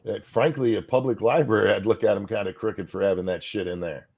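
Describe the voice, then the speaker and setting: A man's voice: lowish voice, brisk, vocal fry, a little mellow, husky. A man co-hosting a podcast, ranting in a heated, sarcastic, profane way. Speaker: podcast co-host. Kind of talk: casual podcast rant.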